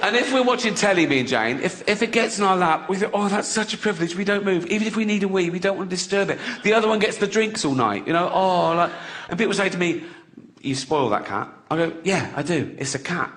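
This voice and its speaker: A man's voice: high voice, animated, fast. A middle-aged man doing a stand-up routine, crude and mocking, acting out silly voices. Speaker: stand-up comedian. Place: stage before a live audience. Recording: loud background noise from a live crowd. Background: loud audience laughter.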